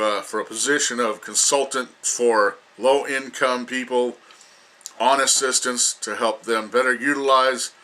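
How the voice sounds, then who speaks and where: A man's voice: mid-range voice, sharp tone. An older man giving an emphatic, lecturing opinion rant as a vlogger, repeating himself for emphasis.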